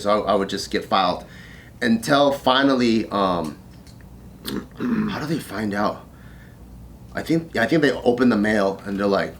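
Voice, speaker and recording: A man in his thirties, with a lowish voice, trades stories on a casual podcast as a co-host, swearing freely at a normal pace with long pauses. He bursts into laughter and acts out gruff, shouted drill-instructor lines. A faint hum of room noise sits behind him.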